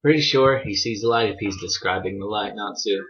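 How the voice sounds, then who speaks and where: A man's voice: on the low side, brisk, a bit bright, highs cut off. A young man chatting casually through a manga chapter review, rambling, swearing freely and poking fun at himself.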